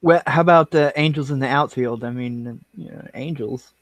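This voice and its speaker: A man's voice: mid-range voice, normal speed, dry recording. A man chatting on a livestream over a headset, hesitant and correcting himself mid-sentence. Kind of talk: casual livestream chat.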